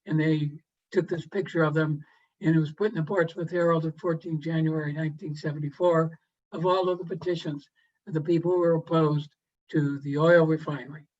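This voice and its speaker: Male presenter, fairly high voice, easygoing storyteller who pauses with "uh" a lot, muffled video call audio. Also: steady tone, a little mellow. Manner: unhurried, with frequent "uh" pauses and throat clearing. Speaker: guest presenter to a garden club. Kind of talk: relaxed storytelling lecture. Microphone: video call microphone.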